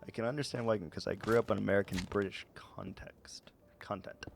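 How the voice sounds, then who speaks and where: A man's voice: lowish voice, fairly even intonation, a little fast, gravelly, slight background noise. A man streaming a game, chatting casually and teasing his viewers, often laughing at his own jokes. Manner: teasing, playful banter with chat. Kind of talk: casual live-stream chat while gaming.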